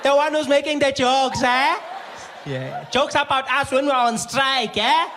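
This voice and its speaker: A comedian voicing a loud, mocking female hospital clerk, tagging sentences with "eh?". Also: very high-pitched, lively intonation, noisy background, voice pushed up. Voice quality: loud, taunting, drawn-out "eh?" tags. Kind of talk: stand-up comedy impression.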